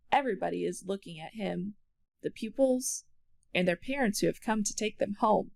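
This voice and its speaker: A woman narrating a children's storybook aloud with expressive storytelling. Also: mid-range voice, moderate pace, vocal fry.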